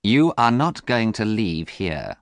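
A man's voice: lowish voice, very animated, slow pace, no echo, voice pushed up, exaggerated voice. A man voicing a desperate young man who turns cold and threatening, in an urgent, pressing way.

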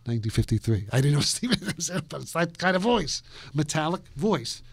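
New York-raised guest, around 80, high-ish voice, animated and rambling, dry close sound. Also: male voice, brisk, gravelly, slightly rough, no room sound. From New York, USA. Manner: animated, laughs often, trails off and restarts. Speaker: interview guest, physicist. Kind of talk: rambling interview storytelling.

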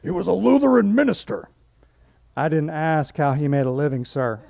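A man's voice: fairly high pitch, big pitch swings, normal speed, creaky, mellow, no room sound, studio quality, pitched above the performer's own voice. A man playing a brash, profane woman coworker who screeches and swears. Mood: blunt. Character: brash foul-mouthed woman office coworker.

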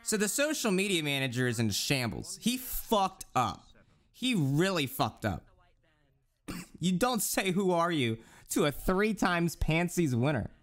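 A young man streaming live, chatting casually in profane, joking rants and now and then mimicking others in high squeaky voices. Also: very animated, a little slow, fairly bright tone.

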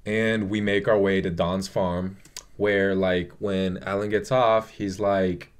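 A man's voice: sits low, little pitch movement, slow pace, clean tone. A young man chatting casually about a movie he loves, rambling and gushing, with lots of swearing and fillers. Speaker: vlogger reviewing a movie. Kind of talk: casual movie review chat.

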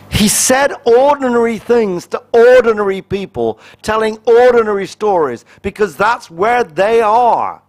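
A man's voice: extremely high pitch, animated, measured pace, hardly any pauses. A man, a pastor, preaching a sermon in a conversational and humorous way, acting out little quoted exchanges.

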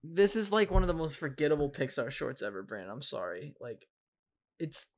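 A young man in his twenties with a somewhat high voice co-hosts a podcast. He talks in relaxed, joking banter, needling his friends and swearing freely. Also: moderate pace. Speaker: podcast co-host. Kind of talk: casual chat.

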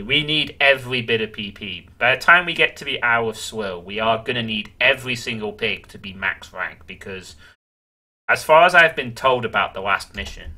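A man gives let's play commentary on a video game stream, mulling his moves aloud and answering setbacks with curses and groans. His mid-range voice sounds bright and forceful, set against game music.

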